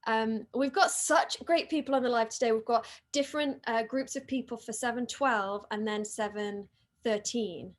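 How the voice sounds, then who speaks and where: A woman casually chatting with fans on a livestream from her home, excitable and reading comments aloud. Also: fairly high pitch, normal speed. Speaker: actress hosting a fan livestream. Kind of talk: casual live-stream chat reading comments. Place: living room at home.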